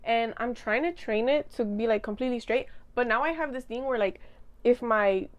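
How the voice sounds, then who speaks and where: A woman's voice: fairly high pitch, normal speed, muffled recording. A young woman in her twenties chatting casually to camera, rambling, giggling and teasing herself while she eats. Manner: rambling, giggly, self-mocking. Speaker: vlogger. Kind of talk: casual chat.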